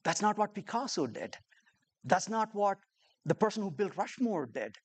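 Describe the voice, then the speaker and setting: A woman's voice: mid-range voice, normal speed. A woman giving a live talk to a room of developers, telling stories and asking the audience rhetorical questions. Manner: animated storyteller who acts out conversations. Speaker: conference speaker.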